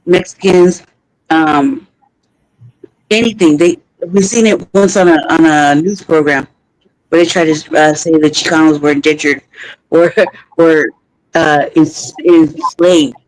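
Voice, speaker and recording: A man's voice: a little high, fairly even intonation, measured pace, no echo, low-quality recording. A man co-hosting a podcast, talking in a heated, profane, rambling way with frequent restarts. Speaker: podcast co-host. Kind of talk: heated casual talk.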